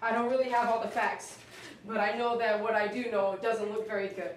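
A woman's voice: flat delivery, brisk. A woman chatting emotionally with viewers during a live stream while she grooms a dog in her shop. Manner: emotional, chatty, talks to dogs in a high coaxing voice. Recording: echoey room, mic at a distance, faint noise.

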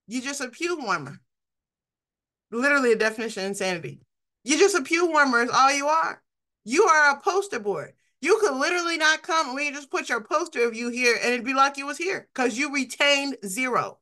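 A woman's voice: sits high, animated, brisk, bright, forceful tone. A middle-aged woman giving an informal, conversational sermon, often laughing and acting out the people she quotes. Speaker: preacher.

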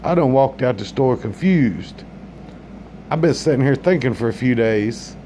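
A man's voice: mid-range voice, expressive, moderate pace, mellow, a little hiss or hum. A man telling a comic story in a laid-back drawl, talking straight to his listeners. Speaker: comedian.

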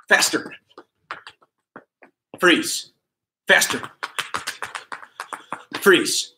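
A man leading a live kids' exercise class, calling out moves in an energetic, upbeat, nonstop patter while exercising along. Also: a little high, unhurried, long pauses, noisy background. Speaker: kids' PE coach. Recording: echoey room sound.

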